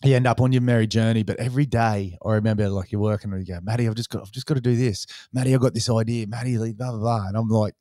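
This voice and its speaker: A man's voice: on the low side, fast talker, hardly any pauses, no room sound, clean studio sound. Australian man, casual podcast host. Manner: swears freely, animated retelling with put-on voices. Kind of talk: casual storytelling chat.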